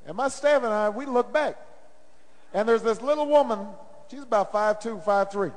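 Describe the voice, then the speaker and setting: A middle-aged presidential candidate gives a campaign rally speech in a large indoor arena, telling a story that builds into call-and-response chanting. His voice is high and moderately paced, with the long reverb of the big arena.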